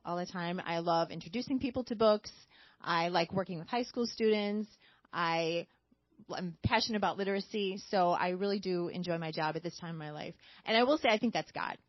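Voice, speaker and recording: Candid woman, lowish voice, dry. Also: no room sound. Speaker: panel guest. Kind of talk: unscripted testimony. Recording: dull dry sound.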